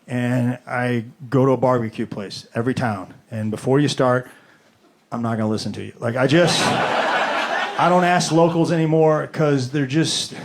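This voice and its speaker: A man's voice: mid-range voice, noisy background. A man performing a stand-up routine with drawling storytelling. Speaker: stand-up comedian.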